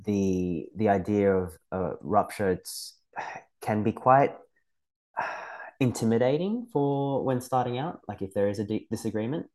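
Man, podcast host, low pitch, warm dark tone, casual, hesitant, searching for words. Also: lively intonation, a little slow. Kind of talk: conversational podcast interview.

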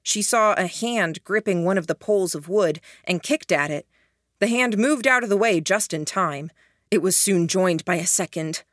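Low-voiced woman narrating an audiobook. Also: moderate pace, no echo, clean studio sound. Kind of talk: scripted narration.

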